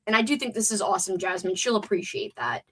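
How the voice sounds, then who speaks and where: A woman's voice: mid-range voice, quick pace, breathy edge. A young adult woman with a stuffed-up nose, hosting a chatty, wordy livestream and reading out chat comments. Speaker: livestream host.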